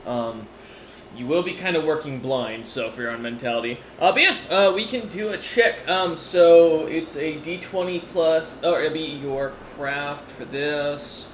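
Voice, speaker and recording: A man's voice: a little high, a little slow, roomy sound, a little hiss or hum. A man narrating as game master of a tabletop game, rambling with many fillers and restarts.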